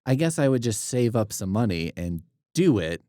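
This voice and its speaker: A man's voice: lowish voice, big pitch swings, moderate pace, warm tone, no echo, studio quality. A man co-hosting a casual book podcast, thinking aloud in rambling, self-deprecating tangents. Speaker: podcast co-host.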